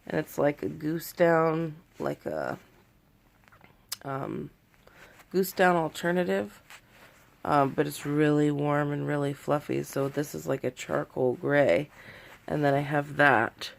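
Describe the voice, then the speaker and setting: A woman's voice: deep voice, fairly even intonation, takes it slowly, gravelly. A woman in her thirties talking from bed into a phone in a rambling, candid confessional vlog, shaky and worn out after a panic attack. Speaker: vlogger. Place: in bed in a bedroom at home.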